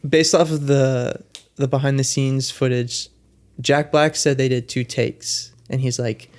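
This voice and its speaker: A man's voice: mid-range voice, level tone, unhurried, a little mellow. A young man co-hosting a podcast, chatting casually about a movie, rambling and laughing often as he acts out quotes. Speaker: podcast co-host. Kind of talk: casual film discussion.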